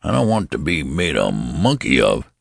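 A man's voice: rumbling low, huge pitch swings, normal speed, creaky, no room sound, studio quality, exaggerated voice. A man voicing a cranky, mocking old man in a story reading, in a querulous, complaining way. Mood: grumbling. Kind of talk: audiobook character voice.

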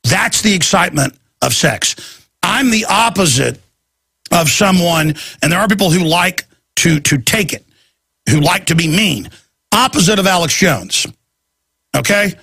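Fired-up gravelly talk radio host. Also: male voice, sits high, lively intonation, a little slow, pauses often, sharp tone, no room sound. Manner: fired-up, emphatic storytelling with quoted voices. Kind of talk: ranting talk radio monologue.

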